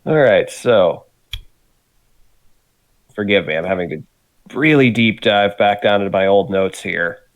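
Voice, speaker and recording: A man's voice: lowish voice, measured pace, pauses often, dry recording. Laid-back male game master. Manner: relaxed, rambling, laughs easily. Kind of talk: narrating a tabletop game.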